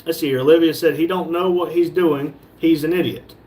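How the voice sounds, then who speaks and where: Guy reading out chat on a shop livestream, slightly high voice, faint hum behind. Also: fairly even intonation, brisk, darkish tone. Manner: reads comments aloud and jokes back. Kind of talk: casual live chat.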